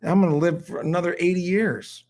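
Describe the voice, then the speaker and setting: A man's voice: high-pitched, steady tone, fairly quick, a little mellow. A man commenting casually on clips, sarcastic and profane, mocking what he hears. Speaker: streamer reacting to clips.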